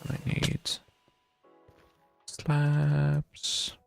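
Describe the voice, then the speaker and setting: A man's voice: on the high side, completely flat delivery, extremely slow, vocal fry, dry recording, faint music behind. A young man chatting casually while streaming a game, thinking aloud with wry self-mockery. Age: young adult. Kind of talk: casual live gameplay commentary.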